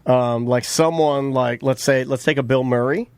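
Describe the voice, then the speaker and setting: Joking, animated podcast co-host man. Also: medium pitch, normal speed, smooth, no room sound. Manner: loud, joking, animated storytelling with mock outrage. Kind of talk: casual studio chat.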